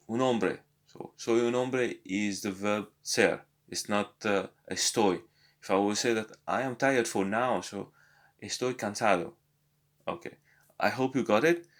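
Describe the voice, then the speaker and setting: A man's voice: fairly low pitch, fairly bright tone. Hesitant man teaching a language lesson. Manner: hesitant, many fillers and restarts. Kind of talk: casual spoken lesson.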